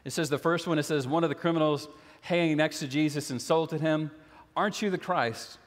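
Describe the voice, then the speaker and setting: A man's voice: a little high, steady tone, a little fast. Earnest male pastor in a reverberant hall. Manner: earnest, questioning, repeats phrases for emphasis. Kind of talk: sermon.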